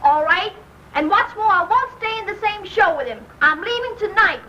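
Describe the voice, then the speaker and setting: An actress playing a young showgirl angry at her sweetheart, snapping quick, indignant retorts in a 1930s film. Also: very high-pitched, expressive, lo-fi sound, noisy background. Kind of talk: 1930s film comedy acting. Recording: distant, roomy old film sound with music.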